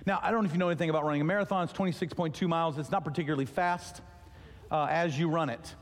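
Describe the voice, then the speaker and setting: Animated preacher man in a reverberant hall. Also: fairly high pitch, rapid-fire. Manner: animated storytelling, acting out dialogue. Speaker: pastor. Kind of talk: sermon. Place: church auditorium. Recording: long reverb of a large hall.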